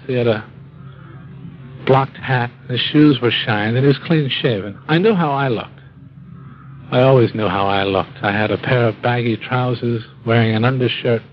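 A man telling a personal story in a wry, dry-humored way, with halting restarts. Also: mid-range voice, highs cut off. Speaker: speaker telling his life story. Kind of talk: storytelling talk.

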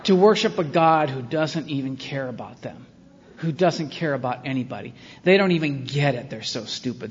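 A man speaking at a recovery meeting, telling his own story in a rambling, sardonic way with self-mocking asides. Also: fairly high pitch. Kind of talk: personal testimony talk. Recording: dull lo-fi sound with long hall reverb and faint hiss.

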